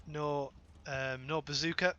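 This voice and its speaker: A British man giving live play-by-play commentary on an online shooter match, playful, with joking asides and quick self-corrections. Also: fairly high pitch, fairly even intonation, bright, forceful tone, clear, resonant tone, highs cut off. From Britain. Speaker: esports caster.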